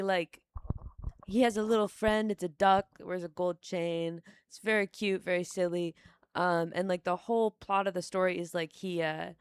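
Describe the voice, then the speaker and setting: A young woman comedian guest chatting casually, deadpan and offbeat, with lots of "like.". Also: lowish voice, clean tone, dry recording, studio quality. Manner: deadpan, offbeat, heavy use of "like". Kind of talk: casual chat.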